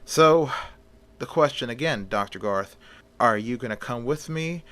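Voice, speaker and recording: A man voicing a haughty, menacing vampire countess in an amateur story reading with voices, speaking coolly and dropping to quiet threats. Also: mid-range voice, animated, measured pace. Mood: cool menace.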